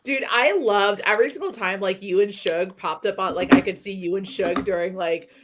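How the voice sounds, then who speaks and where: A woman's voice: mid-range voice, moderate pace, very noisy. Woman, chatty and giggly storyteller in a casual hangout. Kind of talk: casual chat.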